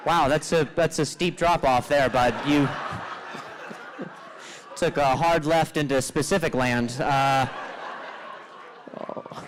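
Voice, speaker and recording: Guy doing standup crowd work, kinda high voice, stammers and restarts a lot, faint crowd noise in the club. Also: takes it slowly, pauses often. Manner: riffing, playful, mock-exasperated, stammering restarts. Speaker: stand-up comedian. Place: comedy club stage with live audience.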